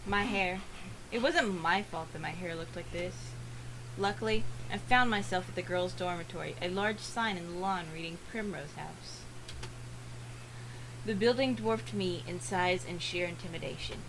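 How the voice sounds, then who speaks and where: A woman reading a visual novel aloud for a let's play, earnest, with dramatic pauses. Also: on the low side, crowd noise, rough recording.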